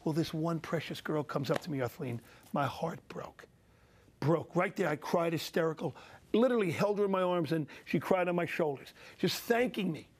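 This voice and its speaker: Passionate high-voiced man telling stories. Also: normal speed, breathy edge. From Italian-American. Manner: passionate, preacherly, repeats phrases for emphasis. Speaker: guest speaker. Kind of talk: emotional storytelling.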